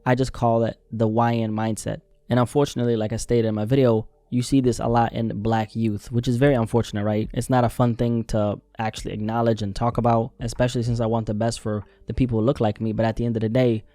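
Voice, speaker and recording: A man hosting an online news commentary, talking earnestly and slowing down to stress his key points. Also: mid-range voice, level tone, warm tone, no room sound. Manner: earnest, emphatic, slows down to stress key words. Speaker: commentary channel host.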